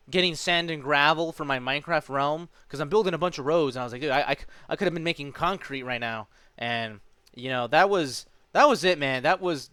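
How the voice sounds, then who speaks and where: A man's voice: fairly high pitch, fairly bright tone, clean tone, no room sound. A man in his twenties telling a story in a casual vlog, rambling along with lots of fillers and calling the listener dude and man. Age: 20s. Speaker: vlogger.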